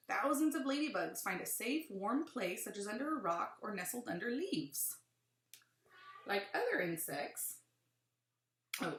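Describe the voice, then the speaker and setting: A woman teacher reads a picture book aloud to young children, with friendly explanations between passages. Her voice sits at an ordinary middle pitch. The room gives it a noticeable echo. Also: fairly bright tone. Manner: adds friendly asides to young pupils.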